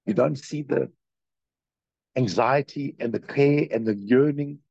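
A man's voice: medium pitch, unhurried, vocal fry, a little mellow, breathy edge, no echo. A man giving a conversational religious lecture, telling stories and putting questions straight to his listeners. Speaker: teacher of a Jewish religious class. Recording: dry, dull lo-fi recording.

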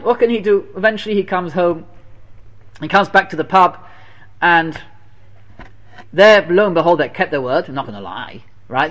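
A man giving a sermon, telling a story with animated repetition and Hebrew and Yiddish terms sprinkled in. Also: sits high. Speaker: preacher telling a Torah story.

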